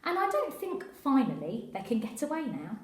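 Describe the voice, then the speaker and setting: A woman voicing a calm, matter-of-fact mother speaking on the phone. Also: sits high, normal speed, reverberant, pitched above the performer's own voice.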